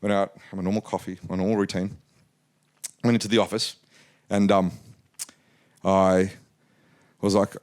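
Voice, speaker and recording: Low-voiced Australian businessman telling stories. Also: normal speed, pauses often. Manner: animated anecdotal, acts out quotes. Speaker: business guest. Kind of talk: casual storytelling interview.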